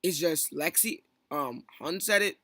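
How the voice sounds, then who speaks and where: A young man tells a rambling story in a casual vlog, restarting sentences and snapping into quoted lines. His voice is bright and sits a little high, recorded close and dry with no room sound. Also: expressive, dry recording. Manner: rambling, restarts often, quotes others in quick bursts. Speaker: stream moderator.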